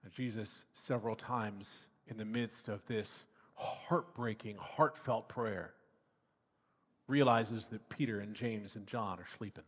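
A man's voice: on the low side, slow, breathy edge. A man, a father, preaching a reflective sermon that sometimes sinks to a near whisper. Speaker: pastor. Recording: long reverb of a hall.

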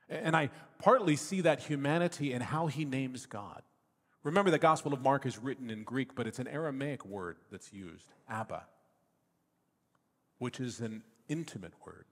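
A man's voice: medium pitch, slightly rough. A man, a father, preaching a reflective sermon that sometimes sinks to a near whisper. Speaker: pastor. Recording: long reverb of a hall.

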